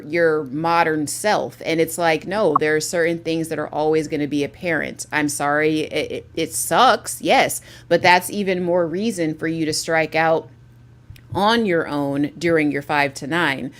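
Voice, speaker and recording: A woman guest on a livestreamed panel, speaking candidly and emphatically over a video call, often restarting her sentences. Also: low-pitched. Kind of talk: casual panel discussion.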